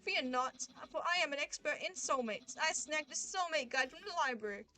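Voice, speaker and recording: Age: adult. Sex: woman voicing a male figure. Figure: Papyrus, a boastful cheerful skeleton. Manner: grand and formal. Pitch: high. Tone: bright. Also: expressive, normal speed. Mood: earnest. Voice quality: formal, theatrical phrasing. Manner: proud, eager declarations. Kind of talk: reading a visual novel aloud on a livestream.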